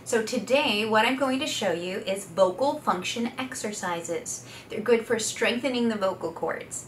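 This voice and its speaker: Woman, speech pathologist, patient vocal exercise coaching, unhurried, echoey room, faint background noise. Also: a little high. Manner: slow, patient instruction with sung demonstration notes. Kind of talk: guided vocal exercise lesson. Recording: echoey room, voice a bit far from the mic.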